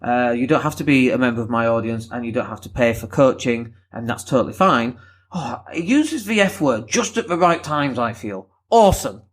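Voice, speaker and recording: A man from Leeds with a softened Northern English accent, rambling candidly through a solo podcast with the odd swear. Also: mid-range voice, expressive, moderate pace. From Leeds, England. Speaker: podcast host.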